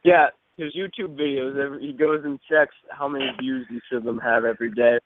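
A man's voice: mid-range voice, fairly even intonation, fairly quick, a little hiss or hum. A young man, a guest on a casual radio interview, easygoing and hesitant, with lots of ums. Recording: tinny phone-line audio.

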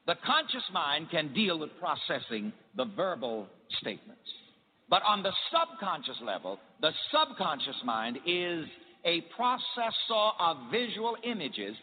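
Emphatic male preacher, high voice, call-and-response sermon, reverberant hall, faint hiss. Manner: emphatic, leads the crowd in repeating phrases. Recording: tinny echoey hall recording with faint hiss.

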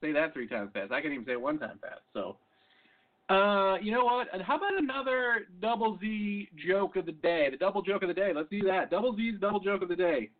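A middle-aged man hosting a comedy show, rambling and self-mocking, with loud hype bursts. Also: sits high, expressive, fairly quick. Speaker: comedy podcast host. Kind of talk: comic monologue. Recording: phone-like lo-fi audio.

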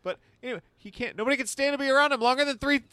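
A man co-hosting a casual sports podcast, profane and jokey, getting excited as he talks. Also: very high-pitched, very fast, smooth, no room sound. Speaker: podcast co-host.

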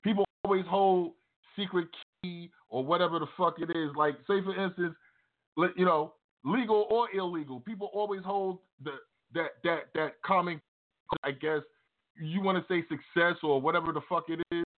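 A man's voice: sits high, moderate pace. A man hosting a casual live radio show, talking in laid-back street slang with lots of fillers. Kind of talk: casual talk radio chat. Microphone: Facebook live stream. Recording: tinny phone-like line.

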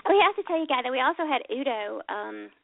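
A woman's voice: high-pitched, lively intonation, fast talker, vocal fry, no echo. A woman co-hosting a podcast, chatting enthusiastically and telling stories. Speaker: podcast co-host. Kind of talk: casual chat. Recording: dry, tinny phone line.

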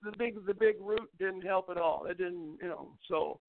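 Older man, high-pitched, rambling folksy storyteller, tinny phone-line sound. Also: moderate pace, creaky, a little hiss or hum. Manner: rambling folksy storyteller, frequent restarts, laughs at his own tales. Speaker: interview guest, former baseball pitcher. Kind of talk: storytelling in a casual interview.

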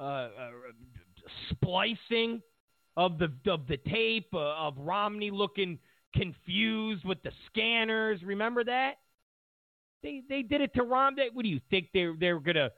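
A man delivering an animated, sarcastic political monologue as a commentator. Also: high voice, no echo, phone-quality sound.

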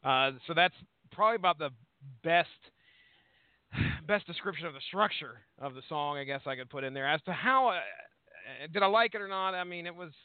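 Man, podcast host, casual album review, rambling and self-correcting, slightly high voice, phone-like sound. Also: animated, brisk, clear, resonant tone, no echo. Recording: tinny phone-like line.

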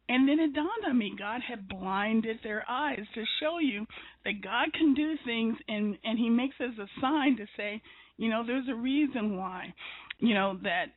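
A woman hosting an interview, telling stories earnestly, with restarts and whispered asides. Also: a little high. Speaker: interviewer and show host. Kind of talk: conversational faith interview. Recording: tinny phone-line sound.

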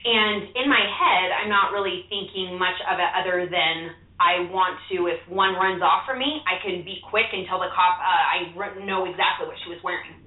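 A woman's voice: fairly low pitch, moderate pace, few pauses. A young woman co-hosting a talk show, chatty as she shares a parenting tip. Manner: chatty, sharing parenting tips. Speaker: show co-host. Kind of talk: casual radio chat. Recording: tinny phone-like line, echoey.

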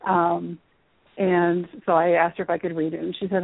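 A middle-aged woman, a guest, telling a story about her childhood in an animated way, acting out the dialogue. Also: fairly low pitch, moderate pace, creaky, dry recording. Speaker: guest, Reiki teacher. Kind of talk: storytelling in an interview. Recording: phone-line call-in audio.

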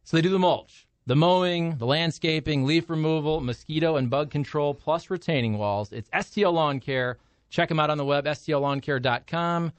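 A man's voice: a little high, normal speed, dry recording. A man co-hosting a radio show, reading a sponsor ad live with upbeat, salesy enthusiasm. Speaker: radio co-host. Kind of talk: ad live read.

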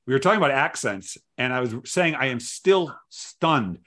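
A man's voice: mid-range voice, animated, normal speed, bright, forceful tone. A man hosting an interview, chatty and exclaiming, often restarting his sentences. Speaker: podcast host. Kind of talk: casual interview chat.

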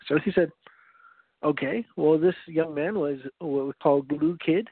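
A high-voiced man preaches earnestly, telling a story and often restarting his phrases. The sound is dry and narrow, like it came over a phone line. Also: a little slow, slightly rough, no room sound. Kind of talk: evangelistic teaching talk.

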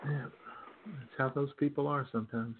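A man's voice: medium pitch, steady tone, moderate pace, a little hiss or hum. A man co-hosting a radio show, chiming in with short, dry remarks in casual chat. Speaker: radio co-host. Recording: tinny phone-like audio.

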